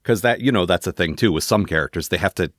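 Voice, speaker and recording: A man co-hosting a podcast, talking casually with rambling, lively asides. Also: sits low, quick pace, no echo, studio quality. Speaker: podcast co-host. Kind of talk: casual chat.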